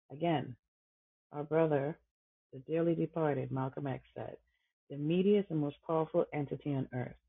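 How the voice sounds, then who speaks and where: Host, male, gravelly and husky, emphatic commentary, tinny phone-line sound. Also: a little high. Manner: emphatic, repeats phrases, rhetorical questions. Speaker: podcast host. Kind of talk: impassioned commentary.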